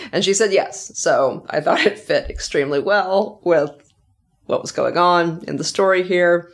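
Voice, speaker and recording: On her own podcast, a middle-aged author offers relaxed, chatty reflections, laughing here and there. She speaks in a low-pitched voice without hurrying.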